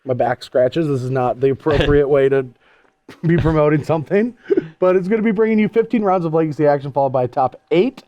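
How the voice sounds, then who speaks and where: A man co-hosting a casual post-match chat, animated and quick to laugh. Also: a little high, no room sound, dull audio. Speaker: co-host.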